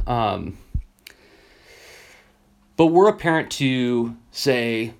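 Male teacher-podcaster, casual solo monologue, animated storyteller. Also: mid-range voice, moderate pace. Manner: animated storyteller, acts out quoted voices.

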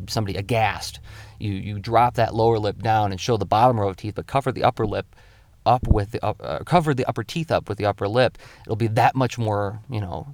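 A man's voice: fairly low pitch, creaky, dry recording. A male comic illustrator giving a casual spoken drawing tutorial, explaining his tips step by step in a thoughtful way.

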